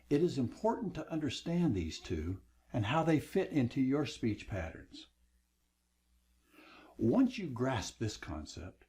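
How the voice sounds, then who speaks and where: A man's voice: medium pitch, a little mellow. A middle-aged man teaching a recorded lesson on speaking, lecturing with varied emphasis. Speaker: instructor.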